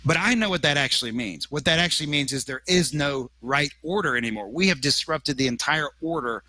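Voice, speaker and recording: A man's voice: a little high, animated, brisk, sharp tone, no room sound, poor audio. A man speaking as an interview guest, earnest and emphatic, often restarting his sentences. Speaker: magazine editor and guest. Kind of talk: conversational interview.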